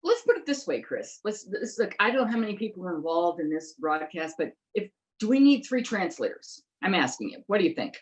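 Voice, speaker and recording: A middle-aged woman speaks with an emphatic, animated delivery on a political discussion show and trips over words at times. Her voice sits low for a woman and swings up and down a lot. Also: fairly quick, hardly any pauses, poor audio. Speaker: interviewer, investigative journalist.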